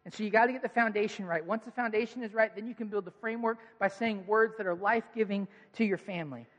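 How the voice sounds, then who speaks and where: Man, 30s, pastor, earnest conversational sermon, high voice, long reverb. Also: fast talker, fairly bright tone, muffled recording. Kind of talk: sermon with personal stories. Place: church auditorium with audience.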